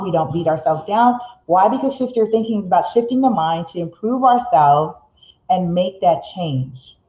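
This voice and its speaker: Woman host, motivational live talk, roomy room echo, slightly muffled stream audio, quick then slow delivery. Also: mid-range voice. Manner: speeds up when excited, slows to make a point; reads viewer comments aloud, laughs often. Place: seated indoors in a room.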